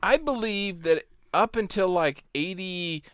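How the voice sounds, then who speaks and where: A man's voice: sits high, lively intonation, measured pace, fairly bright tone, clean tone, no room sound, clean studio sound. A man co-hosting a podcast, arguing his points in rambling explanations full of restarts. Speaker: podcast co-host. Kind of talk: crude casual podcast banter.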